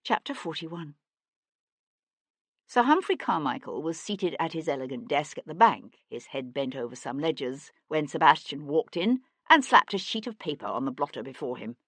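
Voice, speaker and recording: A woman reads a mystery audiobook with a low voice in a dry, close recording. Her storytelling is steady and even. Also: moderate pace, no echo. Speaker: audiobook narrator. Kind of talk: scripted narration.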